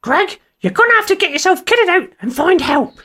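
A woman playing a brisk, bossy female ship captain in an amateur audio drama. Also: extremely high pitch, sing-song, fairly bright tone, exaggerated voice. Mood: commanding. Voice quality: brisk, commanding.

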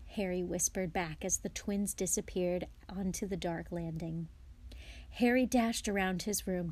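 A woman reads a children's novel aloud as a guest reader. Her pitch sits in the middle range. She drops to a whisper or rises to a shout as the characters call for it.

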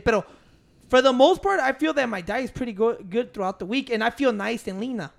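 A speaker with a gravelly, creaky voice and mid-range pitch. They talk bluntly in casual chat and swear freely. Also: fast.

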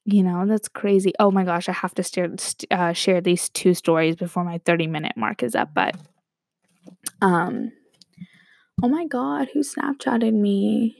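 A woman's voice: fairly low pitch, expressive, unhurried, vocal fry, a little mellow, no echo, studio quality. A young woman hosting her own podcast, rambling casually with lots of "like" and "um". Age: young adult. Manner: chatty and rambling, many likes and ums. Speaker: podcast host. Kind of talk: solo casual podcast chat.

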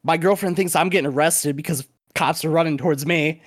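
A man hosting a podcast, telling a story in a casual, animated way with plenty of swearing. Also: on the high side, brisk, no room sound, clean studio sound. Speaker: podcast host. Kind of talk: casual chat.

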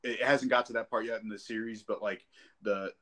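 Low-voiced man in casual podcast chat. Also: fairly even intonation, fairly quick, sharp tone. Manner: rambling, restarts, laughs easily. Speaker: podcast co-host.

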